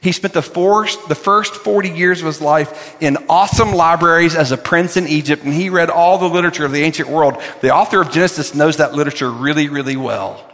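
A man's voice: a little high, a little fast, few pauses, fairly bright tone, long reverb tail. An older man, a pastor, preaching a sermon with emphatic repetition of key words.

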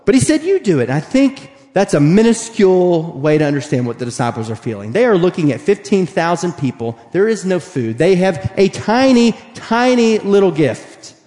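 A man preaching a sermon, animated and emphatic, acting out the voices he quotes. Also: high-pitched, moderate pace, few pauses. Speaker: pastor. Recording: long hall reverb.

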